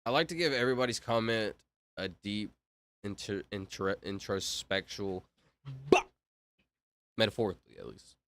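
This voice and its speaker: A man's voice: fairly low pitch, expressive, normal speed, pauses often, a bit bright. A man chatting casually on a livestream, rambling and interrupting himself while reading chat aloud.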